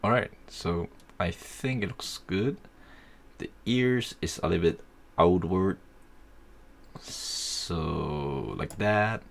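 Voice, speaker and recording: A young man walks through a software tutorial in an easygoing, thinking-aloud way. His voice sits low and carries a gravelly edge. He takes his time over every step. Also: takes it slowly, a little hiss or hum. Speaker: tutorial host. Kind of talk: casual screen-recorded software tutorial.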